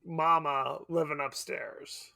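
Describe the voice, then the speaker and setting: A man co-hosting a podcast in casual chat, animated, laughing often and swearing casually. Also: fairly high pitch, slow pace, gravelly. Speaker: podcast co-host. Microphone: remote podcast mic.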